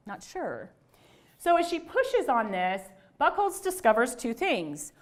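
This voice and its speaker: A middle-aged woman, a religious studies scholar, giving a conversational lecture to an audience, with self-deprecating asides and restarts. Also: on the high side. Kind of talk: lecture talk to a live audience.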